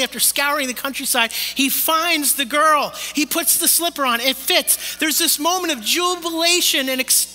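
Earnest high-voiced pastor in a reverberant hall. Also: male voice. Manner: earnest, pleading, drops soft and slow for emphasis. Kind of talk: sermon. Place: church hall, also streamed online.

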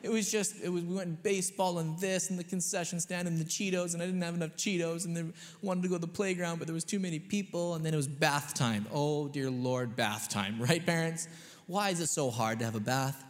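A man's voice: a little high, moderate pace. A man preaching a sermon as a pastor, conversational and emphatic, often checking in with his listeners. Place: church sanctuary. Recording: long reverb of a church hall.

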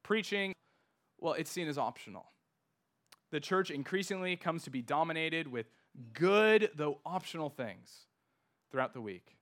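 A male pastor delivers a sermon with a bright, forceful voice pitched a little high. He is emphatic and slows right down to press home key words. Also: lively intonation.

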